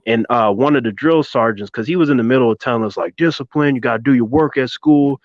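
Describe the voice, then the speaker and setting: A man's voice: mid-range voice, fast talker, no room sound, highs cut off. A man in casual chat, telling a story with laughter and acting out the people in it. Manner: animated storyteller, acts out yelling voices, laughs often. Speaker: co-host.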